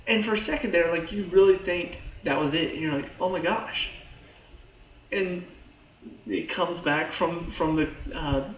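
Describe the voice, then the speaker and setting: Excitable man reviewing a show, roomy sound. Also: on the high side, normal speed, highs cut off, slight background noise. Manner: excitable, lots of fillers and restarts. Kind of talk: casual spoken review.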